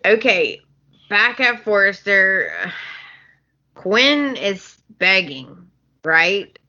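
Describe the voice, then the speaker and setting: Slow-talking woman podcast co-host. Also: medium pitch, lively intonation, bright, forceful tone, muffled recording. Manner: slow, laughing, acts out the characters' lines. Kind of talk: casual chat recapping a soap opera.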